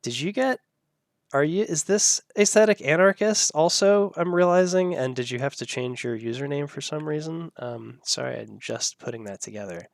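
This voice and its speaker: A man's voice: a little high, normal speed, gravelly, no echo. Man thinking aloud in a dry room. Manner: musing, thinking aloud while working. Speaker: host. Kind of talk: live audio editing tutorial.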